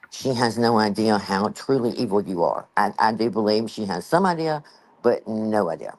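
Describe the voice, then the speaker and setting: A host giving casual, rambling, exasperated reaction commentary on a clip. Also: low voice.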